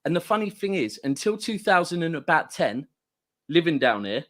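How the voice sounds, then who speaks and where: A middle-aged man from Manchester chats as a guest football fan, telling anecdote after anecdote in an easy, talkative way. His voice sits a little higher than most men's. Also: normal speed. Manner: chatty, storytelling, lively anecdotes. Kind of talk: casual football chat.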